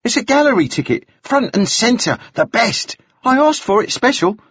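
Man doing Albert, a high eager office boy. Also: very animated, moderate pace, fairly bright tone, slightly rough, dry recording, highs cut off, exaggerated voice. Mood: hopeful. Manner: high and earnest. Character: eager young office boy, timid and hopeful.

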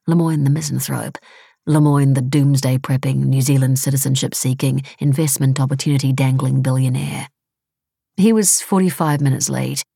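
A woman reading a novel aloud in steady, wry, measured audiobook narration. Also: a bass voice, creaky, breathy edge, no echo, clean studio sound.

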